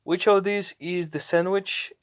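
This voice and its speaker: A man narrating his own language lessons, talking slowly and haltingly and often correcting himself. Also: sits high, fairly even intonation, a crowd in the background. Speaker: language learner. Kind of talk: narrating app lessons aloud.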